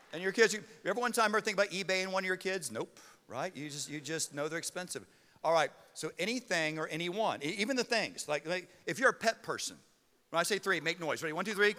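A middle-aged man preaching a sermon as pastor, telling a story with animated outbursts. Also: a little high, a little hiss or hum. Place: church auditorium. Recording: reverberant hall with music.

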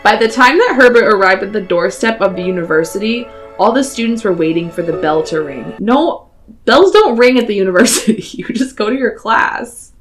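A woman's voice: mid-range voice, expressive, fairly quick, hardly any pauses, soft background music. A woman casually reading a silly story aloud and laughing often as she goes. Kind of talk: casual chat with dramatic reading.

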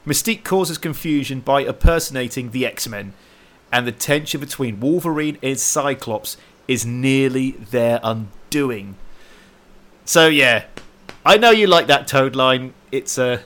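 A man co-hosting a casual film podcast, halting and restarting his sentences, often laughing. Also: mid-range voice, animated, a bit bright. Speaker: podcast co-host.

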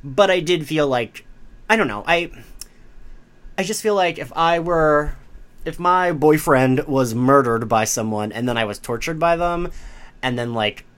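A man's voice: fairly high pitch, animated, a little slow, fairly bright tone. A man co-hosting a podcast, talking casually and expressively about a TV episode, indignant and swearing freely.

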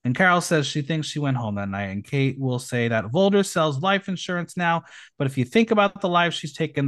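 A man with a slightly high, fairly bright voice hosts a reality show recap podcast. He reads out the episode and adds playful asides.

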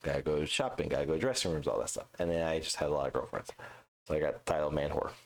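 Very deep-voiced profane man ranting. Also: fairly even intonation, rapid-fire, gravelly. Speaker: podcast co-host. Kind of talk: casual chat.

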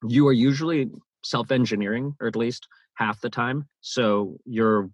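Husky-voiced man, chatty audiobook narrator. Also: mid-range voice, measured pace, no echo, highs cut off. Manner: animated, many restarts and repeated words. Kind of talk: interview conversation.

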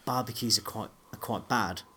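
Guy on a chatty podcast, bright voice, keeps restarting, rambly. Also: fairly low pitch, moderate pace, slightly rough. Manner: rambling, restarts sentences often. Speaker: podcast co-host. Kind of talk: casual chat.

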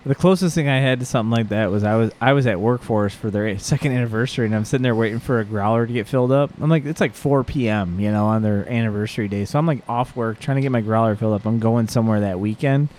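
Rambling, foul-mouthed podcast host. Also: male voice, on the low side, fast, few pauses. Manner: rambling, profane, animated storytelling. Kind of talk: casual chat.

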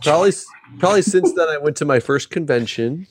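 A man's voice: a little high, animated, quick pace, slightly rough. A man chatting as a guest on a podcast, laughing easily and teasing the host. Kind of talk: casual podcast chat.

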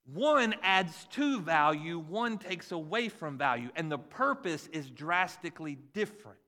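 A man in his forties, a pastor, preaching a conversational and animated sermon with jokes about his kids. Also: fairly high pitch, a little slow. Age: 40s.

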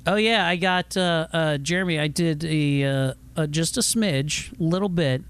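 A man with a noticeably high speaking voice chats on a podcast. He rambles and jokes, circling back with fillers and restarts. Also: a little slow, fairly bright tone, smooth. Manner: rambling, joking, many fillers. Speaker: podcast co-host. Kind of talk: casual chat.

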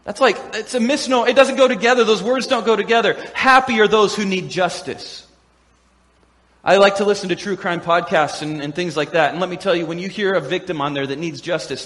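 A man preaching a sermon as a pastor, animated and playful, acting out quoted voices with humor. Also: high-pitched, in a large hall.

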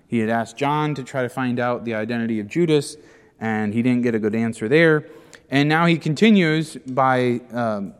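A male pastor preaches through a Bible passage with an animated delivery, voicing the people in the story as he goes. His voice sits in an ordinary middle pitch. It rings with the long reverb of a large church sanctuary. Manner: animated, acts out the speakers in the passage. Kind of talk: sermon.

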